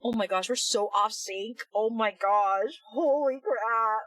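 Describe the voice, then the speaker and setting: A woman streaming a game, giggling, apologizing to her chat and cheering loudly at the screen. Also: a little high, slow pace, no room sound, far from the mic, rough recording. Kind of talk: casual live-stream commentary. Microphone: headphones on, desk mic.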